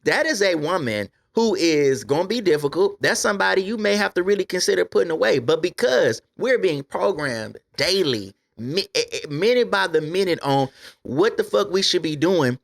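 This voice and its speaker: A gravelly American man co-hosting a podcast, his voice a little higher than most. He lectures in an opinionated, profane way, laying out his views without holding back. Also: expressive, moderate pace. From USA. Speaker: podcast co-host. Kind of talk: casual podcast discussion.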